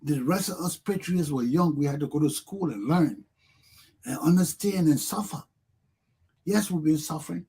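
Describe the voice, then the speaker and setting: Impassioned Liberian man, husky and high. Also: warm tone. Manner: fervent, repetitive rhetorical questions. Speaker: talk show host. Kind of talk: impassioned monologue.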